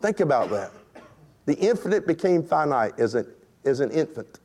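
A man's voice: fairly high pitch, sing-song, normal speed, a little mellow, a little hiss or hum. A man preaching a sermon to his congregation, emphatic and rhetorical, addressing them directly. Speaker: pastor.

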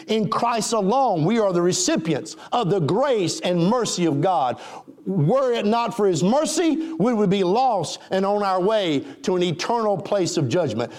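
A man's voice: sits high, a little mellow. A man preaching an emphatic sermon and calling for amens.

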